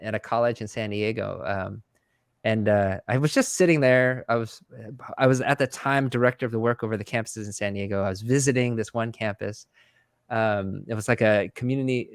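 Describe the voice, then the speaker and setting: Brief: male guest speaker, casual and lively, voices the people in his story, dry close sound. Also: no echo. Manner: animated, acts out dialogue with pitch jumps; many fillers and restarts. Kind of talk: conversational webinar storytelling.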